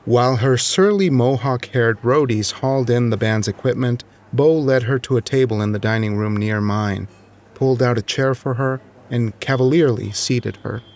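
A man reading a short story aloud in a measured, wry storytelling manner. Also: medium pitch, a little mellow. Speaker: narrator. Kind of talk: scripted narration of a short story.

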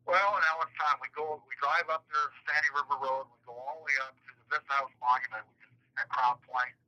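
A man's voice: on the high side, fairly even intonation, fast, bright, forceful tone. A middle-aged man recounting past events in an interview, rambling and repeating words, acting out the dialogue he quotes, heard over a phone line.

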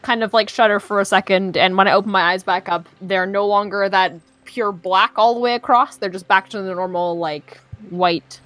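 A woman's voice: medium pitch, steady tone, normal speed, few pauses, fairly bright tone. A woman playing a tabletop game, talking casually in a rambling way with many restarts. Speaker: player. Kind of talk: tabletop role-play chat.

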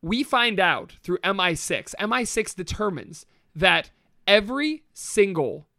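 A woman's voice: mid-range voice, lively intonation, unhurried, pushed and bright, dry recording, clean studio sound. Laughing podcast co-host, woman. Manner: laughs easily, talks through ideas aloud. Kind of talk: casual comedic chat.

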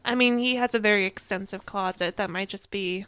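Giggly bright-voiced young woman. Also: mid-range voice, a little fast, smooth, dry recording. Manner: giggly, animated, laughs often. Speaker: podcast co-host. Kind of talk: casual chat.

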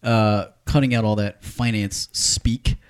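A man's voice: lowish voice, takes it slowly, clean tone. A man with a New Jersey accent, a family retail business leader, chatting casually and playfully skeptical about investing. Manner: animated, playfully skeptical, talks over others. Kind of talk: casual chat.

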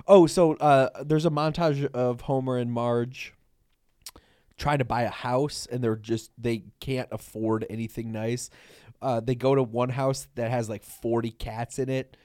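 A man's voice: mid-range voice, darkish tone, no echo, studio quality. A young man co-hosting a casual chat, joking and laughing as he retells scenes. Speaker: podcast co-host.

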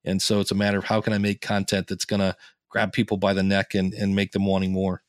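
Fast and low-pitched, this man from Ohio is a podcast guest in a relaxed interview conversation. He brings his stories alive by performing the reactions he quotes. The studio-quality audio has no room sound.

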